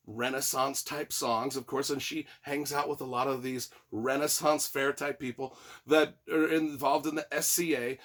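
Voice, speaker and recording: A man's voice: fairly high pitch, a bit bright. A man giving a casual spoken book review, rambling and profane with sarcastic asides.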